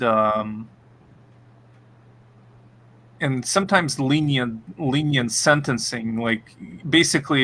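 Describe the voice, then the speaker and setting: Bright-voiced man, halting casual talk. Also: medium pitch. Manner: halting, many fillers and restarts. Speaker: podcast co-host. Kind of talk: casual chat.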